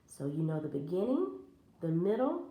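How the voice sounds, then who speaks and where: A woman teacher reading a children's storybook aloud in an expressive, animated way, recorded in an echoey room. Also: lowish voice, moderate pace, creaky. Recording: roomy echo.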